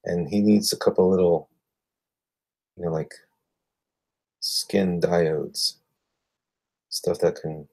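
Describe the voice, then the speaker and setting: A man's voice: deep voice, steady tone, slow pace, pauses often, a little mellow. A man chatting casually with viewers while drawing on a livestream, rambling and muttering to himself.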